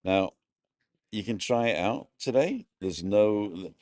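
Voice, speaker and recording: A man's voice: lowish voice, expressive, takes it slowly, darkish tone, no echo, studio quality. Chatty middle-aged man hosting a live stream. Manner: chatty, greets viewers by name. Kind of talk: casual live-stream chat. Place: bar. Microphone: earphones.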